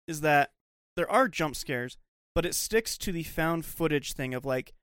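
A man's voice: on the high side, measured pace, smooth, dry recording, studio quality. A young man co-hosting a podcast, animatedly retelling scenes and swearing in casual chat. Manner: animated, acts out quotes, swears. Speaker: podcast co-host.

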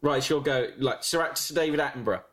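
A man's voice: medium pitch, very fast, a bit bright. A man co-hosting a comedy podcast, teasing and pushy in casual banter, laughing often. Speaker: podcast co-host.

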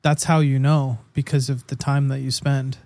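A man co-hosting a faith interview who asks soft-spoken, halting questions. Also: medium pitch, little pitch movement. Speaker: co-host.

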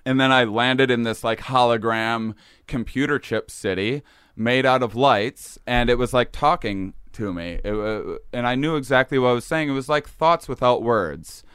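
A young man sits as a podcast guest and tells a story in relaxed conversation. His voice is smooth and resonant at a middle pitch, recorded close and dry. He is animated and laughs often, briefly putting on the voices of the people in his story. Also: moderate pace, no room sound. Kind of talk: casual storytelling chat.

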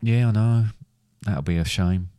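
A middle-aged man co-hosting a father-and-son podcast in casual chat, with dry, deadpan humour. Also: lowish voice, measured pace, clean tone, dry recording.

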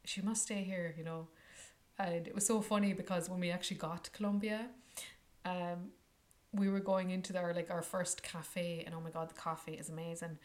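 A woman vlogger telling a travel story to her viewers in a gushing, enthusiastic way, often slipping into breathy whispers. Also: fairly low pitch, a little mellow.

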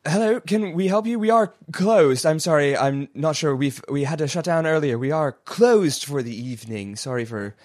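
Man doing a jittery young female desk guard in a tabletop game, pitched up high, apologetic and hesitant, polite but stalling. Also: moderate pace, hardly any pauses, darkish tone, natural voice.

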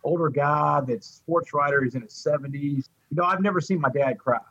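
A man's voice: fairly high pitch, fairly quick, a bit bright, dry recording, dull audio. A middle-aged man telling his recovery story in an interview, heartfelt and repeating words as he goes. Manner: heartfelt, repeats words, addresses the host by name.

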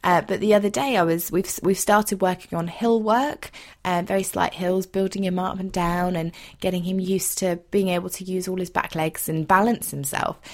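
A woman hosting a podcast, telling a personal story in a heartfelt, gentle, emotional way. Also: lowish voice, steady tone, normal speed. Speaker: podcast host.

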